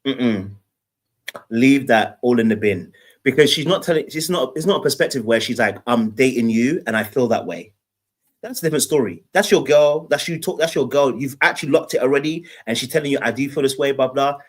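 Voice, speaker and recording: A man comments on a dating show as a podcast co-host. He talks in an animated way and mocks what people say in put-on voices. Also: mid-range voice, brisk.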